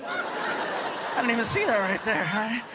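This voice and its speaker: A man performing a stand-up comedy set on a live stage, animated and laughing often, slipping into voices for his bits. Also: extremely high pitch, a little slow, over a noisy crowd. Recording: live show with audience noise.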